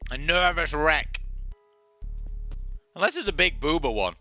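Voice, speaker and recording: A male streamer with a very bright, forward voice chatting playfully to his audience. His pitch jumps around a lot, with faint game music behind him. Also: expressive, unhurried, pauses often. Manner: chatty, playful asides to chat. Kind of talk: casual gameplay commentary.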